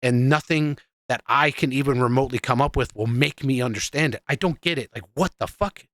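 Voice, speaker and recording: A man's voice: medium pitch, a little fast, fairly bright tone, no echo, clean studio sound. A man co-hosting a casual podcast, telling stories in an exasperated, profane, rambling way with many restarts. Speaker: podcast co-host.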